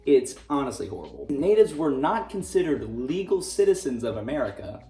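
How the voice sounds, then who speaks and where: A man's voice: a little high, big pitch swings, fairly quick, gravelly, dark tone. A man teaching a casual history lesson, full of jokey, sarcastic asides. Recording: roomy echo, distant mic, faint music.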